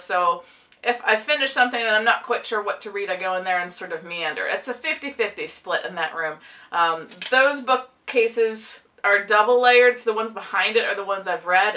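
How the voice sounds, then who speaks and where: A woman's voice: mid-range voice, sharp tone, far from the mic. A woman chatting casually to camera about her books, rambling and laughing often while chewing gum. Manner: chewing gum, audible clicking. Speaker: book vlogger; teacher of a book publishing class.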